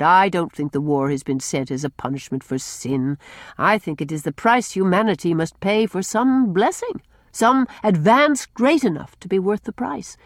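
A woman reading the part of a gentle, dreamy male minister who speaks quietly and earnestly. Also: fairly low pitch, no room sound, clean studio sound.

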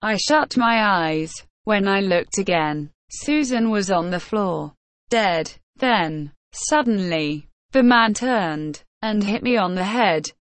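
A woman narrating a simple story in a measured, careful reading voice. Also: mid-range voice, dry recording. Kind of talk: slow graded-reader story narration.

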